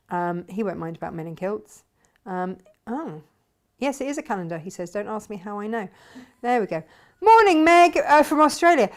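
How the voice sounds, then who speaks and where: Chatty woman hosting a shop stream. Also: mid-range voice. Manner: chatty, reads out viewer comments, laughs often. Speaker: host of a live fabric shop stream. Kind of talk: casual live-stream chat.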